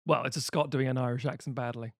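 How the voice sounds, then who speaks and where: A man co-hosting a casual podcast, tossing out crude quick jokes. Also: medium pitch, fairly even intonation, dry recording, studio quality. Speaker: podcast co-host.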